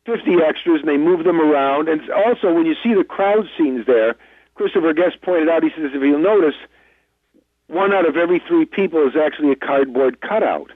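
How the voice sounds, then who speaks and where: A man's voice: a little high, lively intonation, brisk, no room sound. Man telling stories over a tinny phone line. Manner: rambling, self-deprecating storyteller. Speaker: actor guest. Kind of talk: casual anecdotal interview. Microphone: telephone.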